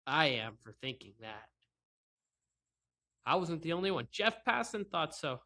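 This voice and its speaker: A man's voice: on the high side, very animated, a little slow, pauses often, pushed and bright. A man hosting a solo sports podcast, ranting sarcastically and in exasperation, often breaking into laughs while talking into a laptop microphone. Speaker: podcast host. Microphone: microphone with laptop and camera.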